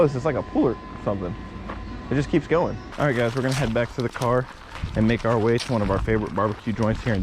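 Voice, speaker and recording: A man casually vlogging on a hiking trail, talking to his viewers as guys, joking and chatty. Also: mid-range voice. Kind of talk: casual travel vlog. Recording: noisy outdoor recording.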